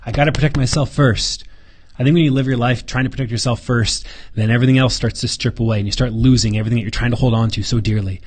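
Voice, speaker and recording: A man's voice: medium pitch, steady tone, racing, few pauses, darkish tone. A man hosting a live Q&A and answering viewer questions in a casual, earnest way. He gets fired up, stumbles over repeated words and drops casual swearing and slang.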